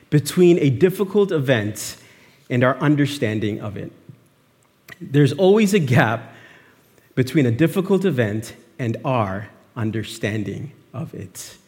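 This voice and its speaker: A pastor with a mid-range, slightly mellow voice preaches in a conversational way, and the recording has a big-room sound. He poses rhetorical questions and acts out heartfelt pleas to God.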